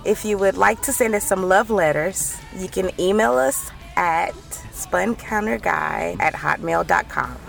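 A woman's voice: on the low side, measured pace, vocal fry, hardly any pauses, poor audio. A woman reading the closing credits and contact details of a podcast. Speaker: podcast announcer. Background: faint music.

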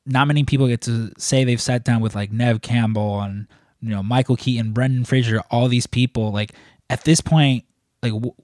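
Guy rambling through a story, lots of likes and you-knows, dry close sound, middle pitch. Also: fairly even intonation, moderate pace, a little mellow, no echo. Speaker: wrestling merchandise shop employee asking questions. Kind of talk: casual chat.

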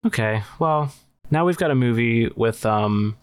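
A man's voice: medium pitch, unhurried, clear, resonant tone, dry recording. A man hosting a comedy podcast, casual and hesitant with lots of ums. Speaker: podcast host. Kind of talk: casual chat.

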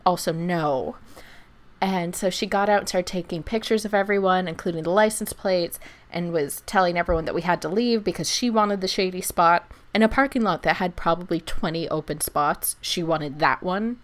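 Lively woman telling a story. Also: lowish voice, a little fast. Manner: animated storyteller, acts out quotes, laughs often. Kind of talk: casual storytelling chat. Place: lives in Germany.

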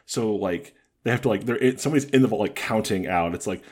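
A man co-hosting a comedy podcast, chatting casually and joking as he pitches scenes. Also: fast, a little mellow, husky. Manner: joking, acts out scenes in silly voices. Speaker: podcast co-host.

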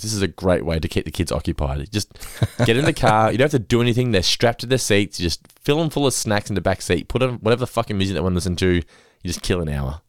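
A man's voice: deep voice, dry recording, clean studio sound. A man, co-hosting a podcast in laid-back, sweary chat with frequent laughs. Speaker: podcast co-host.

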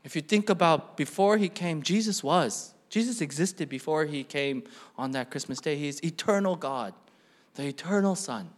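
A middle-aged man preaching a sermon, swinging between rising questions and quiet emphasis. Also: fairly high pitch, lively intonation, moderate pace. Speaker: pastor.

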